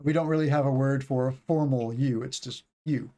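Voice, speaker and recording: A man's voice: mid-range voice, steady tone, a little fast, mellow. A man in his forties, an English teacher giving a casual livestream lesson, chatty and rambling, stretching out words to show stress and intonation. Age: 40s.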